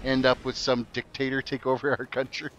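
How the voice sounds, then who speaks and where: A man's voice: medium pitch, flat delivery, fairly quick, fairly bright tone, highs cut off, slight background noise. A man streaming a video game, chatting and joking casually with his viewers as he plays. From Canada. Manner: chatty and joking, reads chat aloud. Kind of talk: casual commentary while playing.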